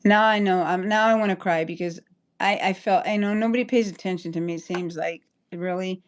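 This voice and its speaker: A woman's voice: on the low side, fairly even intonation, brisk. A woman chatting on a livestream, rambling and apologetic, stopping and restarting her sentences. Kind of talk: casual livestream chat.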